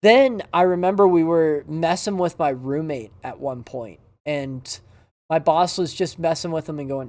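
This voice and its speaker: This podcast co-host has a fairly high voice and speaks a little slowly. In casual conversation he tells stories with animation, performing the voices of the people he quotes.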